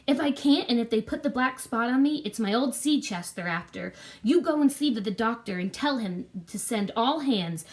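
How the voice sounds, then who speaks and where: A woman voicing a gruff, scarred old pirate captain who growls and gasps out his words. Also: on the high side, lightly acted. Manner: growling, gasping sailor talk.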